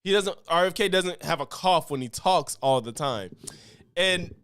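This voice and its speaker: A man streams commentary on news clips in a high, clear voice. He rants in a profane, animated way and laughs between points. The sound is close and dry. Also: unhurried, no room sound.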